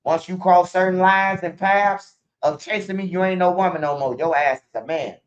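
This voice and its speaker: Man, fairly high voice, rambling profane monologue, dull lo-fi recording. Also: steady tone, moderate pace. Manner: profane, rambling street talk. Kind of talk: casual monologue to camera. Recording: dull lo-fi sound.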